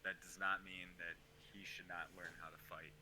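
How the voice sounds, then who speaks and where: A man's voice: low voice, level tone, moderate pace, bright, forceful tone, slight background noise, low-quality recording. A man playing a tabletop game, speaking bluntly and confidently in character. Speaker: player.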